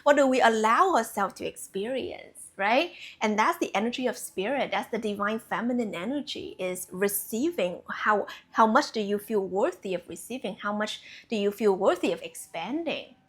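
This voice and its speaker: In a mid-range voice, a young spiritual coach addresses her viewers casually and with animation, playful and laughing readily while swearing casually.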